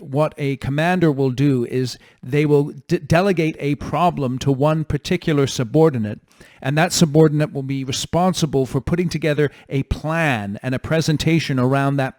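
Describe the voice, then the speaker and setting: A man's voice: fairly high pitch, darkish tone, no echo, clean studio sound. A man hosting a podcast, giving direct leadership advice point by point in a coaching tone. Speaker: podcast host. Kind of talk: solo advice talk.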